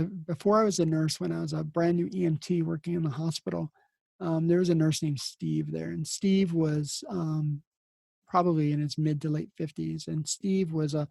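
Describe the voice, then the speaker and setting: A man telling stories from his nursing career in a casual, rambling way, restarting his sentences again and again. His voice is low-toned, mellow and gravelly with a husky edge, recorded dry and close. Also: no room sound. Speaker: podcast host and emergency nurse. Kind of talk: casual storytelling.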